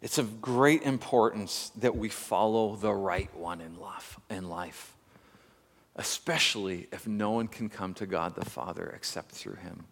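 A man preaching a sermon as pastor, reflective and measured, telling a story with pauses. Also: lowish voice, vocal fry, in a large hall.

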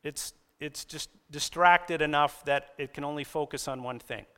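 A man preaching a sermon, telling stories with animated delivery and raising his voice for quoted lines. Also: normal speed, clear, resonant tone. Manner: animated storytelling, raises pitch for quoted lines. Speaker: pastor. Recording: long reverb of a church hall.

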